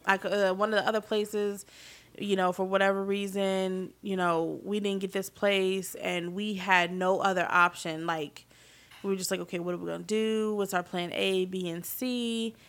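A woman in her thirties casually telling a personal story, getting animated and loud at emotional moments. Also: medium pitch, normal speed. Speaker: vlogger telling a family story.

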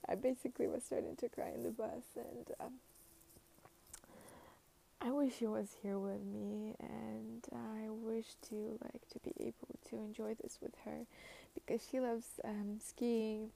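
A young woman vlogging into a handheld phone outdoors at a train station. Her voice is deep in vocal fry and mellow in tone, and she speaks slowly, halting and reflective. Faint outdoor ambience sits behind her. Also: little pitch movement, a little hiss or hum, low-quality recording. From Ukraine. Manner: halting and reflective, many fillers. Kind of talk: casual personal vlog.

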